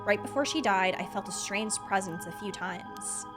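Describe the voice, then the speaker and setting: A woman voicing a shaken young protagonist grieving a friend, reading the game dialogue aloud in a hushed, earnest, halting way. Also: mid-range voice, over music, lightly acted. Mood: grim, hushed.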